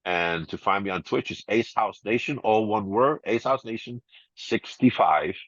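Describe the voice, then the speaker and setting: A laid-back middle-aged man with a fairly low voice chats through an interview, chuckling and dropping easy fillers. The sound is dry and a bit dull, with no room around it. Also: unhurried, fairly bright tone, no echo. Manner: laid-back, laughs often, many "you know" and "man" fillers. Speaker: guest DJ. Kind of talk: casual storytelling interview. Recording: slightly dull, muffled audio.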